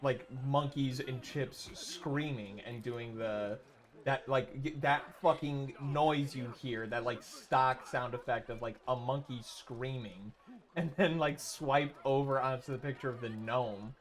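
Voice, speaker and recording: A man's voice: mid-range voice, unhurried. A man streaming, chatting casually and rambling through a story with many restarts and swearing.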